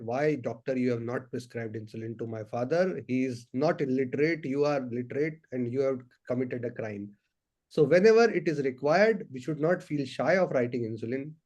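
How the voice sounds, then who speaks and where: A man's voice: fairly high pitch, a little mellow. A man with an Indian English accent moderating a medical webinar, earnestly affirming the speaker and adding his own points. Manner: affirming, earnest, quick to praise and add points. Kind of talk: webinar discussion.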